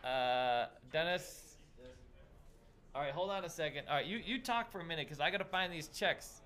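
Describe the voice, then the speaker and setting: A man hosting a casual stream, excitable and rambling, calling people "dude". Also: a little high, moderate pace. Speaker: host. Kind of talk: casual livestream chat.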